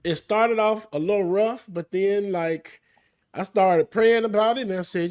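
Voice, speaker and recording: A man co-hosting a casual talk show, animated and playful, laughing as he tells stories. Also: high-pitched, a little slow. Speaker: co-host. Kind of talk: casual chat.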